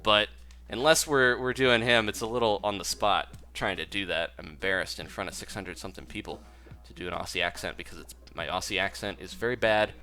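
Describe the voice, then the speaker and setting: A man's voice: on the low side, fairly quick, sharp tone. A man giving chatty live commentary while playing a game, laughing often and reading viewer messages aloud. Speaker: game streamer. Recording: game music behind voice. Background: game music.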